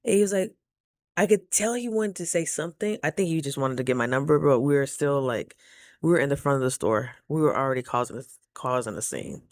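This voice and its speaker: Gravelly-voiced woman telling a playful story. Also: very deep voice, expressive, a little fast, darkish tone, no room sound, studio quality. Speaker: vlogger. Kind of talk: casual storytelling vlog.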